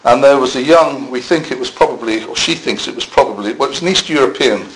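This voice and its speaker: A man's voice: mid-range voice, fast talker, low-quality recording. Conversational male preacher. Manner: conversational, self-deprecating asides. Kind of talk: sermon.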